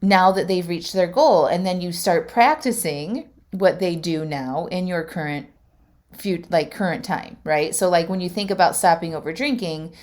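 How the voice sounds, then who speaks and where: A woman's voice: lowish voice, moderate pace, a little mellow. A middle-aged woman hosting a podcast as a life coach, telling a personal story in a chatty, emotional way with lots of fillers. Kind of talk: casual storytelling monologue.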